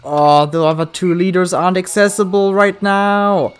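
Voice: medium pitch, level tone, moderate pace, clear, resonant tone, faint music behind. Foul-mouthed let's play gamer. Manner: swears a lot, yells at the game, then mutters.

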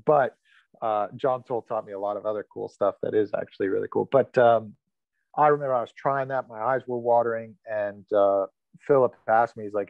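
A man in his thirties with a fairly low voice tells a candid story about his acting work, swearing freely and chuckling along the way. He is heard over a video call. The sound is dry and a little muffled and lo-fi. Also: fairly quick, no room sound. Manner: candid, swears freely, laughs while telling stories. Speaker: actor interviewee. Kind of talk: casual anecdote telling. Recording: dry, slightly muffled lo-fi recording.

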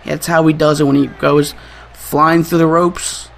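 A young man hosting a gaming channel, giving excitable, trash-talking gameplay commentary and laughing often. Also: fairly high pitch, measured pace, vocal fry.

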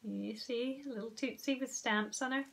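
A young woman reads a children's novel aloud with lively expression, stopping now and then to explain a word. Her voice is bright and a little high, with a friendly teacher's clarity. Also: normal speed, gravelly. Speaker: primary school teacher.

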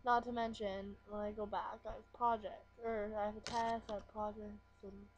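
Her voice sits at a medium pitch, level in tone and moderate in pace. Indoors at home, the teen girl vlogs on her webcam, mumbling, cursing, and griping about boredom, all through dull, slightly hissy lo-fi audio.

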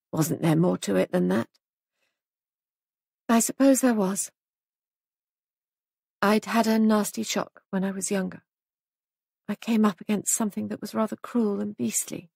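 Woman doing a gentle, reassuring young woman. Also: medium pitch, creaky, breathy edge, dry recording, studio quality, full character voice.

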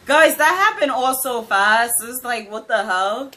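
A young woman casually reacting to an anime episode, excitable and giggly, swearing now and then. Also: a little high, measured pace, low-quality recording.

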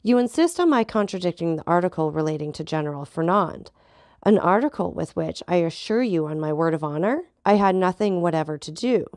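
A woman voicing a calm, ironic male journalist who replies in a deliberate, measured way, with a gravelly voice. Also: on the low side, no echo, clean studio sound.

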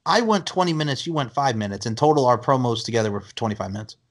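A man's voice: mid-range voice, lively intonation, very fast. A man hosting a podcast, bantering and teasing his guest in casual chat. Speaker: podcast host.

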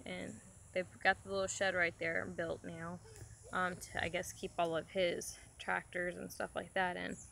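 Woman, casual outdoor phone vlog, bright tense voice, faint hiss behind, talks straight to her viewers. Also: lowish voice, flat delivery, a little slow, creaky, rough recording. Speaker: vlogger showing her property. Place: outdoors on rural property.

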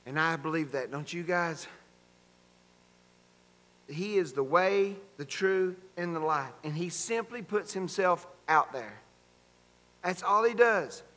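A man's voice: on the high side, animated, slow, pauses often, fairly bright tone. A man preaching a fervent sermon, calling out to the congregation for amens in a church sanctuary. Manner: fervent preaching with call-and-response. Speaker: pastor. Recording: long church hall reverb.

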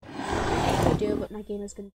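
A woman's voice: mid-range voice, little pitch movement, brisk, heavy background noise. A woman giving chatty, giggly gameplay commentary and reading quest text aloud. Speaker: gamer playing an online dragon game. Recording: game music playing loudly under the voice. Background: loud game music.

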